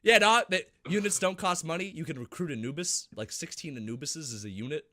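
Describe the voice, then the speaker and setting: A man's voice: fairly high pitch, brisk, bright, forceful tone. A man co-hosting a gaming podcast in casual chat, telling game stories animatedly, acting out moments and swearing freely. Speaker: podcast co-host.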